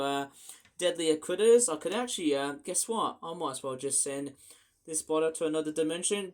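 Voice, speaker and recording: A man chatting excitably in a rambling casual vlog, full of fillers and restarts. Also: on the high side. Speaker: vlogger.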